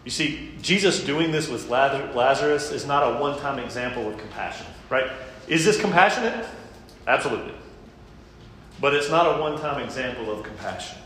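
A man preaching a sermon, reading scripture aloud and then explaining it with earnest emphasis that drops to quiet intensity. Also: mid-range voice, a little fast. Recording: echoey hall, faint background noise.

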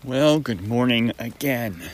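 A man's voice: mid-range voice, expressive, takes it slowly, a little hiss or hum, low-quality recording. A middle-aged man hosting a casual solo podcast, chatty and full of wry asides and puns. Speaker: podcast host.

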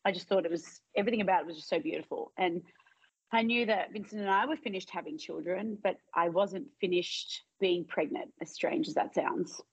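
Woman, podcast guest, slightly husky voice, dry close mic, animated storyteller. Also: lowish voice, a little fast, no echo, rough recording. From Australia. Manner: chatty storyteller, laughs often, acts out her own past lines. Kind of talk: casual podcast chat.

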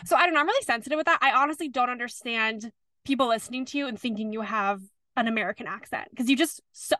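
A young woman from California co-hosting a chatty podcast, her voice a touch high and bright. She reacts quickly and giggles often, recorded dry and close to the mic. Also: no echo. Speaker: podcast co-host. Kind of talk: casual chat.

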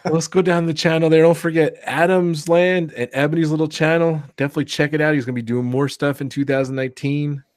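A man's voice: a little high, steady tone, fast, few pauses, a little mellow, no echo. A man in his thirties hosting a casual live-stream chat, upbeat and keen on calling things awesome. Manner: upbeat, says "awesome" a lot. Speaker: host.

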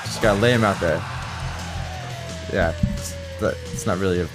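A man's voice: low voice, moderate pace, music in the background. Rambling man hosting a podcast. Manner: rambling, laughs often, trailing restarts. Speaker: podcast host. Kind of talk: casual chat.

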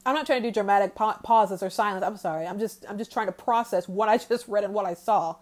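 A woman hosting a solo podcast, talking heatedly and in exasperation about the news. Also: mid-range voice. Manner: heated, exasperated, talks straight without pausing. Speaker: podcast host. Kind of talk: solo commentary rant.

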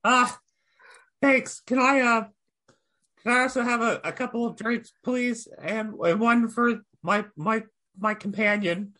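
A man's voice: extremely high pitch, fairly even intonation, measured pace, sharp tone, pitched above the performer's own voice, full character voice. A man voicing a timid male goblin adventurer who stammers and hesitates. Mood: polite.

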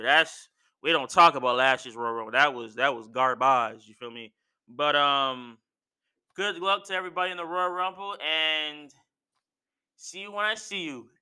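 A young man excitedly recapping wrestling in a casual, slangy, animated way. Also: high-pitched, clean tone.

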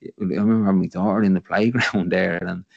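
A man with a Dublin accent, hosting a podcast in relaxed, reflective talk that rambles and keeps checking in with "you know what I mean.". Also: deep voice, quick pace, gravelly, no echo, muffled recording. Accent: Irish, Dublin. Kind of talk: casual podcast conversation.

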